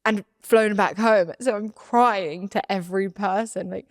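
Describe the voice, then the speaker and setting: A young woman co-hosting a podcast, telling a personal story in casual chat, animated and laughing as she acts out quotes. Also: medium pitch, measured pace, dry recording, studio quality. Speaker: podcast co-host.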